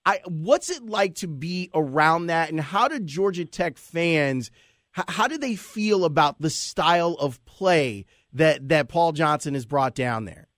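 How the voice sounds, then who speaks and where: A male host poses questions in a relaxed, inquisitive way. His voice sits a bit higher than most men's and sounds dry and close. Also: measured pace, dry recording. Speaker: podcast host. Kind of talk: interview questions.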